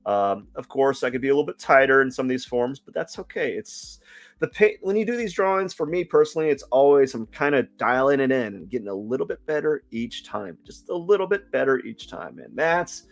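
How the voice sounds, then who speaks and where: A man's voice: medium pitch, very animated, brisk, gravelly. A man live-streaming his drawing session, chatting casually in a rambling, joking way. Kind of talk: casual chat while drawing.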